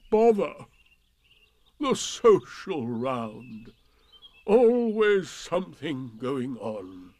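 Man doing a self-pitying old storybook donkey, very slow and mournful, sing-song swoops. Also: high-pitched, darkish tone, dry recording, voice pushed up, exaggerated voice. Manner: slow, drawn-out mournful drawl. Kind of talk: storybook reading.

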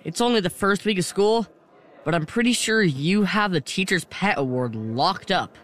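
An actor playing a sarcastic schoolboy with a whiny, unhurried delivery in an audio drama. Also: mid-range voice, expressive, a bit bright, natural voice. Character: wisecracking schoolboy who hates big words.

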